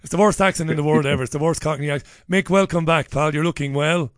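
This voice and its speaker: A man's voice: a little high, fast, no room sound. A man hosting a radio show from a studio, chatty and jokey as he interviews a guest. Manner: chatty, jokey, lively banter. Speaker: radio host.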